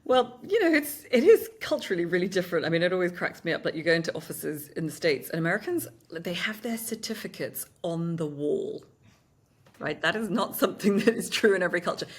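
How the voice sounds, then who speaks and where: Woman co-host, low-pitched, lively chatty delivery with dry sarcasm. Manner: chatty, animated, with quick laughs and playful sarcasm. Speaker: podcast co-host. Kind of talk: conversational podcast discussion.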